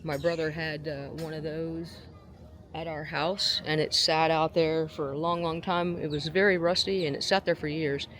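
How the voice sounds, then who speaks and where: A woman, chatting casually as she films her visit to a farm, often breaking into a high, gushing voice at the animals. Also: fairly even intonation, normal speed, fairly bright tone, slight background noise. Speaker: vlogger. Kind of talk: casual outdoor vlog narration. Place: outdoor farm attraction. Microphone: handheld camera mic.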